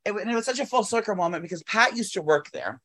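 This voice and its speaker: In a New York apartment, a podcast co-host rambles through a casual chat, out of breath and full of fillers, restarts, and swearing. His voice is high, a little bright, and expressive, and he talks quickly.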